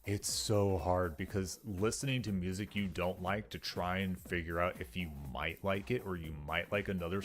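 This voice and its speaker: A fairly low-voiced man chatting his way through a game stream, rambling along and laughing easily. Faint game music runs quietly behind him. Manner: rambling, chatty, laughs often, lots of fillers. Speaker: let's play streamer. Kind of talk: casual let's-play commentary.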